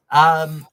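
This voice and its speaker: A man's voice: fairly high pitch, a bit bright. A man with an Australian accent, co-hosting a news comedy livestream in casual chat, joking and swearing freely.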